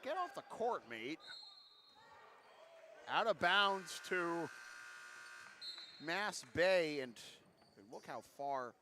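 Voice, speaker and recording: A man giving live play-by-play commentary on a college basketball game, getting louder and more excited on big plays. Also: fairly high pitch, slight background noise.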